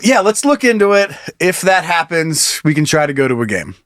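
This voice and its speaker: A man's voice: on the high side, very animated, brisk, fairly bright tone. A man co-hosting a podcast in casual chat, jokey, chiming in with quips and laughs. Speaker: podcast co-host.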